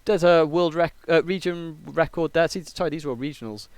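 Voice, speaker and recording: A man's voice: fairly high pitch, brisk, smooth, dry recording. A man from England, a casual and jokey game streamer, chatting on a live stream and rambling with many fillers.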